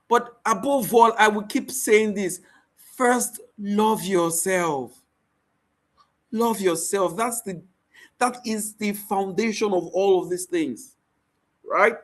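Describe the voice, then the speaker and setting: A man's voice: high-pitched, fairly bright tone. A man speaking as a facilitator at a leadership summit, giving a motivational talk. He is emphatic, repeats his key lines and often checks in with the audience by asking "right?".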